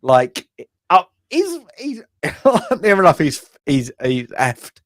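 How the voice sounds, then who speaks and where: Speaking slowly with lively intonation, this film podcast co-host has a mid-range voice recorded with no echo. He rambles through the casual review, loudly performing characters' lines between bouts of laughter.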